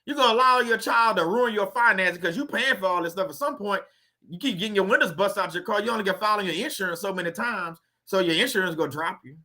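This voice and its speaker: A man's voice: high voice, quick pace, bright, forceful tone. A man hosting a faith-based video channel, talking in a casual, preachy way and putting rhetorical questions straight to his viewers.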